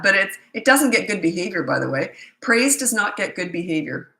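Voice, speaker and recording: A woman's voice: medium pitch, lively intonation, normal speed, hardly any pauses, bright, forceful tone, roomy sound, rough recording. A middle-aged woman parenting coach talking through viewer questions in a chatty, emphatic live advice session.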